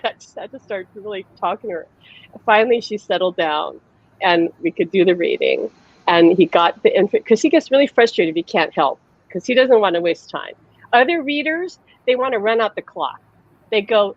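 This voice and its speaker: A woman's voice: fairly high pitch, very animated, moderate pace, dry recording, muffled recording. A woman psychic medium hosting a casual live-stream chat, telling a story animatedly and laughing often as she acts out quotes.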